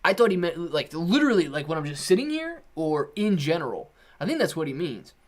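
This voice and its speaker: Laid-back slangy man, higher-pitched. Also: very animated, fairly quick. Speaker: livestream host. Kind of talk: casual live Q&A, reading chat.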